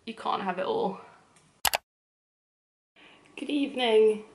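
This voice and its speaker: A young woman with a London accent, chatting casually to camera in a cooking vlog, animated and full of quick asides. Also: a little high, noisy background. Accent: London English. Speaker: vlogger.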